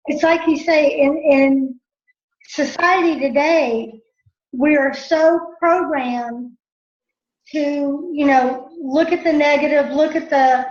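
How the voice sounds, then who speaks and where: A woman in a casual group discussion, telling a work story and acting out her coworkers' lines. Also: sits high. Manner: storytelling, acts out coworkers' voices. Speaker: discussion participant. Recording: dull, roomy sound.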